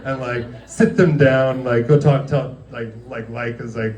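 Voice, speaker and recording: A man's voice: medium pitch, steady tone, unhurried, hardly any pauses, darkish tone, far from the mic, dull audio. A man in his thirties doing casual stand-up in a restaurant, rambling and laughing through his stories with lots of "like". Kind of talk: casual stand-up comedy storytelling. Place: dimly lit restaurant, live audience.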